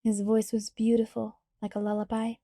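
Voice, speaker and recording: A woman reading a novel aloud in quiet, even first-person narration. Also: on the high side, moderate pace, dry recording, studio quality. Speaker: audiobook reader.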